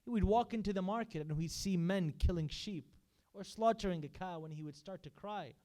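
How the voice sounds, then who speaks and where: A man delivers a sermon at a religious gathering, earnestly telling stories and quoting the people in them. His voice sits high and rings clean and resonant. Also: moderate pace, dark tone. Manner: earnest, recounts stories with quoted speech. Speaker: majlis speaker. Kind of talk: sermon storytelling. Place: religious center hall.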